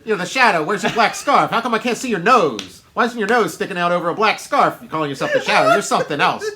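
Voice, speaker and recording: A man voicing a gruff local man who scolds a kid about his costume, loud and nagging. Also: high-pitched, big pitch swings, fast, voice pushed up, full character voice. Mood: scolding. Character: gruff male local heckling a trick-or-treater.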